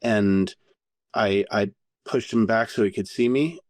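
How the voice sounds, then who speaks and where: A man telling a candid story as a podcast guest, animated and full of swearing. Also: lowish voice, unhurried, no echo, studio quality. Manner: profane, animated anecdote-telling.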